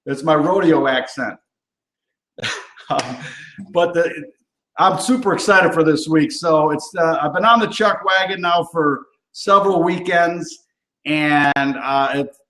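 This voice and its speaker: A man's voice: fairly high pitch, a bit bright. A man hosting a cooking show in a rambling, upbeat chat full of fillers and asides. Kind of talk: casual on-camera chat. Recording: roomy echo.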